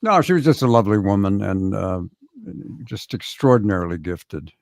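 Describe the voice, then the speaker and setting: Older male voice actor, gravelly timbre, dry close mic, easygoing and modest. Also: on the low side, moderate pace, no echo. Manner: relaxed, self-deprecating, stammering restarts. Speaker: voice actor guest. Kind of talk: casual interview chat.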